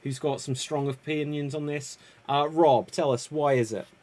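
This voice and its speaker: A man hosting a comedy improv debate, steering the panel with wry, quick interjections. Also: a little high, fairly even intonation, darkish tone. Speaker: host.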